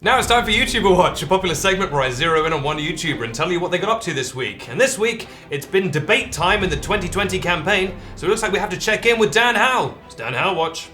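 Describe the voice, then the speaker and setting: A young man hosting a comedic news segment, delivering absurd jokes deadpan with dramatic pauses. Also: sits high, faint music behind. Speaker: host.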